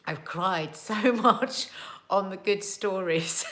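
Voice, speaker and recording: A woman's voice: mid-range voice, unhurried, hardly any pauses, fairly bright tone. A woman hosting a casual livestream from home, reading viewer comments aloud in a chatty, earnest and emotional way.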